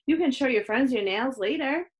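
A woman reading a children's book aloud, voicing a patient teacher who speaks calmly and firmly. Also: high voice, moderate pace, pitched above the performer's own voice. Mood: instructing. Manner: calm, firm and instructive. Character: patient kind female teacher.

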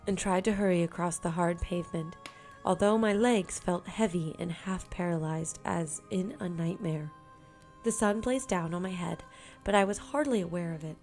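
A woman reads a horror story aloud in the first person, in a slightly low voice. Her delivery is tense and dramatic, dropping to a hush in the darker passages. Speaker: narrator. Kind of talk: scripted horror story narration.

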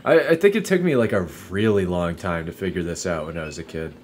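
A man's voice: low voice, darkish tone. A young man giving casual, profane gameplay commentary, laughing often and musing aloud as he plays. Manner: swears freely, laughs often, muses aloud. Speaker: let's play streamer.

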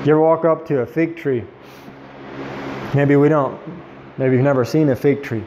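A man leading an informal Bible study, chatting with the group and slowing down to quote scripture. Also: mid-range voice, darkish tone, a little hiss or hum. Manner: conversational, quoting scripture slowly.

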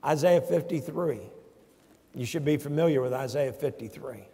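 A man's voice: medium pitch, normal speed, gravelly, warm tone, breathy edge. A man, a pastor, preaching a sermon emphatically and putting rhetorical questions to his congregation in a church. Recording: long church reverb.

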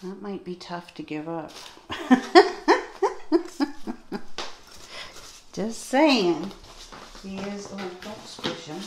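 A woman's voice: mid-range voice, slow pace. A woman vlogger unboxing toys in casual commentary, musing to herself and gasping with delight at her finds. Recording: echoey room with clear background noise.

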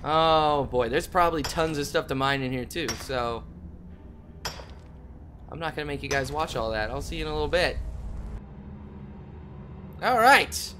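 A young man hosting a game play video, talking to viewers in a goofy way and breaking into loud yelps and yells. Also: fairly high pitch, expressive, normal speed, long pauses, a little hiss or hum. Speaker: gaming channel host. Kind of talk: let's play commentary. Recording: game music playing softly behind.

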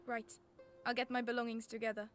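A woman's voice: a little high, level tone, brisk, fairly bright tone, faint music behind, close to an everyday voice. An actress voicing a tough, blunt young female thief with a curt, streetwise manner.

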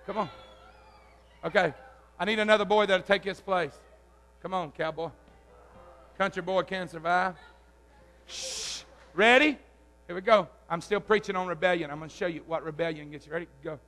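High, bright-voiced preacher. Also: male voice, normal speed, pauses often, soft background music. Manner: loud, coaxing, teasing. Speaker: youth camp preacher. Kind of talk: lively youth service sermon with audience games. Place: church camp service.

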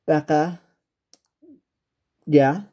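A woman's voice: low voice, fairly even intonation, very slow, warm tone, heavily acted. A woman voicing a businesslike hospital doctor. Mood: explaining. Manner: businesslike, explaining, slightly hesitant. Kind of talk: toy-figure home drama.

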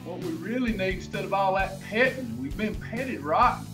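A man's voice: high-pitched, animated, moderate pace, over music. A man giving a motivational livestream talk, preachy and emphatic, hammering home points by repeating his phrases. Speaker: motivational speaker.

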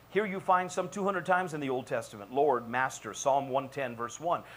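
A man's voice: mid-range voice, normal speed, few pauses. A male pastor preaching a sermon in a church, building to repeated calls and questioning the congregation. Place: church sanctuary.

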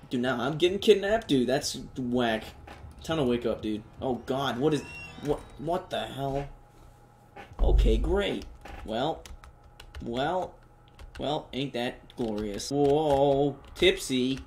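A young man doing joking let's play commentary, reacting loudly and talking in slang. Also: medium pitch, a little hiss or hum. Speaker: gamer.

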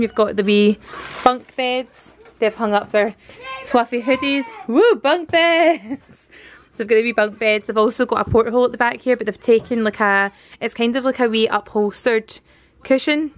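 Fairly quick and steady in tone, her medium-pitched voice guides an enthusiastic tour of a converted canal barge. She's a Scottish family vlogger in her thirties, chatty and full of "like", with slight background noise behind her.

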